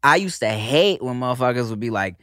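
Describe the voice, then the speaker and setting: Man, podcast co-host, casual chat, lively pitch, profane, laughs often, dry close mic. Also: brisk, no room sound.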